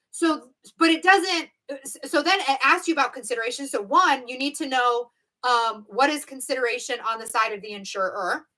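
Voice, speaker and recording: A woman from the United States teaching a live-streamed exam review. Her voice sits high and bright. She leans hard on key words and repeats them so the difference sticks. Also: rough recording. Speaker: exam prep instructor.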